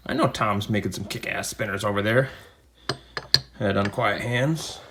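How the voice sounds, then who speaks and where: A low-pitched man talks casually to his camera at home. He rambles a little and tosses in jokey asides while he unboxes gear and tastes a beer. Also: normal speed, background noise. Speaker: unboxing video host.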